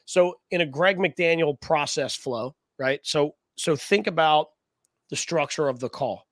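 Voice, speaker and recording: A man hosts a casual interview, piling up energetic, rambling questions. His voice sits a bit high for a man. The recording is close and dry. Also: a little slow, no echo. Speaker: podcast host.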